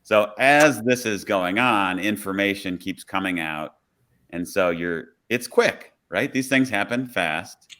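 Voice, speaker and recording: A man who is a police officer, telling a work story on a podcast in a relaxed, conversational way. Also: lowish voice, takes it slowly.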